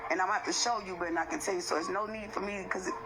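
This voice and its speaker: A woman in a heated, profane personal rant, confronting someone, repeating herself and then forcing herself to calm down. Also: medium pitch, racing, noisy background. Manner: confrontational, repetitive, profane, swings between yelling and calming down.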